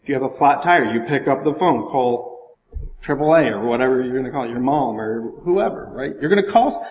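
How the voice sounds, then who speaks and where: A man's voice: mid-range voice, animated, brisk, slight background noise. A man preaching a sermon, talking in a conversational way, often asking his listeners questions and reading scripture in older English. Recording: echoey hall over a phone-like line.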